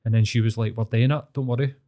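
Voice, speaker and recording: A man's voice: medium pitch, fairly even intonation, fast talker, warm tone. A man with a Glasgow accent, a therapist telling a long story in casual, rambling chat, sweary and full of fillers. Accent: Scottish, Glasgow.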